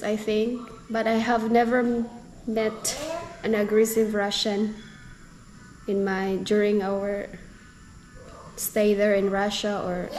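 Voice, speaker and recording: A woman's voice: mid-range voice, slight background noise. A woman chatting casually to her viewers in a family vlog, laughing often between phrases. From Philippines. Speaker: family vlogger. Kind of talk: casual vlog chat to camera.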